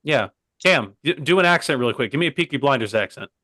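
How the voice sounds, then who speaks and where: A man's voice: medium pitch, animated, quick pace, pushed and bright. A young man co-hosting a comedy podcast. He rambles and keeps drifting into side tracks, and the sound is close and dry, with no room echo. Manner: rambling, digressive, keeps saying "by the way". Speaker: co-host. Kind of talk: casual comedy podcast chat.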